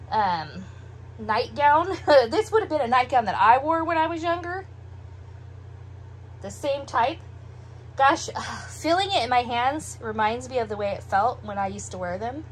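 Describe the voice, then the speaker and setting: A middle-aged woman with heavy breathing after a meal, chatting in an unhurried, musing way as she shows off a clothing haul at home. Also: a little high, expressive, a little hiss or hum. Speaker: doll collector showing a clothing haul. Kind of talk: casual show-and-tell vlog.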